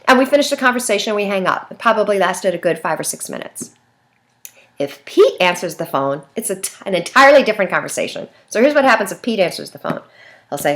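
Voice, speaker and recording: A woman teaching a communication class in a recorded video lecture, expressive and talking with her hands, acting out everyday conversations. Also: mid-range voice, fast talker. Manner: acts out phone calls in lively voices. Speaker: communication instructor.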